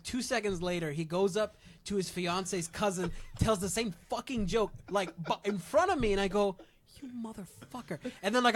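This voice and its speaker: High-voiced young man rambling a story. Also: a bit bright. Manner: rambling, repeats words, laughs while telling stories. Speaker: podcast co-host. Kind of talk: casual chat.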